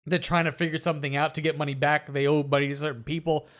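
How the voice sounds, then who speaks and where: A man co-hosting a comedy podcast, chatting casually and reading posts aloud in an animated, jokey way. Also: fairly high pitch, fast talker. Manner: animated, jokey, slips into silly voices. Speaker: podcast co-host.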